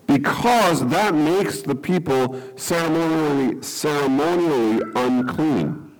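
A man's voice: fairly high pitch, takes it slowly, a little mellow, low-quality recording. A man preaching a sermon, explaining a Bible passage and checking in with the listeners with frequent "okay?" and light chuckles. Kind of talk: sermon teaching.

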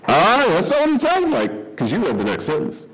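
A man's voice: high-pitched, huge pitch swings, normal speed, fairly bright tone, low-quality recording. A man preaching a Bible-teaching sermon, talking conversationally, asking rhetorical questions and checking in with the audience.

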